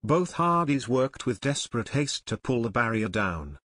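A man reading an adventure audiobook in expressive, scripted narration. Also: medium pitch, normal speed, no room sound, studio quality.

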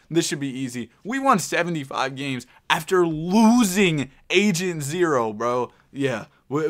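A man commentating on a video game with a bright, forceful voice. He talks excitably, stammers over his words, and swings from low grumbling to loud, yelled outbursts. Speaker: gaming YouTuber.

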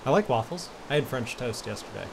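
Playful male gaming host, mid-pitched, casual delivery; recording has audible hiss. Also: animated, brisk, gravelly. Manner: chatty and playful, bursts into yells. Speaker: Minecraft server host reading player messages.

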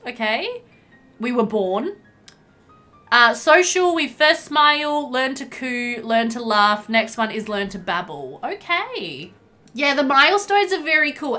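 Young woman game streamer, high, sharp-toned voice, exasperated and scolding the characters, faint game music under her. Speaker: streamer playing a life-sim game. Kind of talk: live gameplay commentary.

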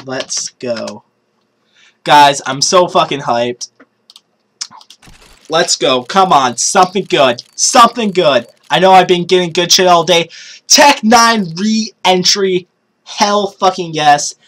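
A woman with a lowish voice talks through her gaming session in a slow, unhurried drawl. She swears freely and is quick to burst into loud, excited shrieking. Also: poor audio. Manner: excitable, swears a lot, shrieks when thrilled. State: yelling in excitement. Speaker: gaming streamer. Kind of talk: casual gaming commentary.

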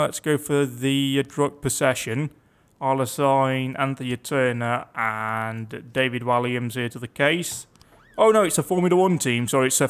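A young man giving casual, chatty commentary on a game, reading its text aloud with wry asides. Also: mid-range voice. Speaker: let's play gamer.

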